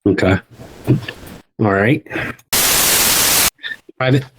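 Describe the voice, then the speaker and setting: A man narrating as game master of a tabletop game, halting and full of ums. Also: fairly low pitch, very noisy.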